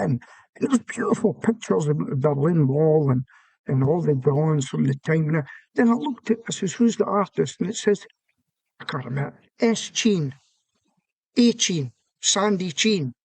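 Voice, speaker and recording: A man's voice: high voice, vocal fry, a little mellow, slightly rough, no room sound. An older man with an Aberdeen Scottish accent, a former soldier telling rambling anecdotes in an interview and acting out the dialogue. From Scotland. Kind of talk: storytelling interview.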